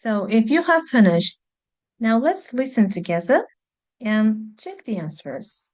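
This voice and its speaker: A woman teaching an English lesson on video, explaining slowly and carefully with frequent "um" and "like". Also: a little high, very animated, a little mellow.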